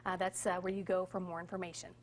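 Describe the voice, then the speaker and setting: A woman's voice: lowish voice, flat delivery, fast talker, slight background noise. A woman hosting a local morning TV show, upbeat and gushing with praise as she interviews guests and reads the announcements. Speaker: TV show host.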